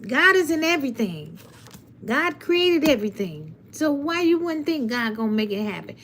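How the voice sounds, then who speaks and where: Her voice sits high and sounds sing-song and fairly bright as she gives a blunt, preachy tarot reading, addressing viewers directly on a live stream. She speaks at a normal speed, picked up by a webcam or phone with slight background noise.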